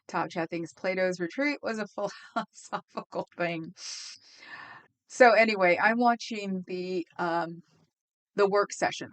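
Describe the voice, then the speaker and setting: A woman's voice: fairly low pitch, smooth. A woman chatting casually on a live stream, rambling, laughing easily and talking to viewers in the chat.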